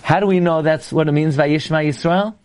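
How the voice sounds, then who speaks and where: High-voiced man teaching a prayer class. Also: fairly even intonation, a little fast, a little mellow. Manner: storytelling with sudden high exclamations and Hebrew terms. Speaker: Torah teacher.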